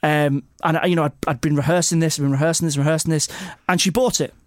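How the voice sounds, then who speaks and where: A man telling a story as a podcast guest, animated, with many repeats and restarts. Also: on the high side, fast talker, slight background noise.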